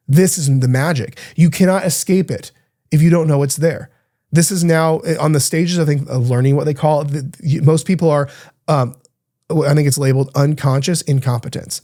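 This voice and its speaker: Energetic talkative male podcast coach. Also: on the high side, moderate pace. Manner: energetic, talkative, casual swearing. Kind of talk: solo podcast talk.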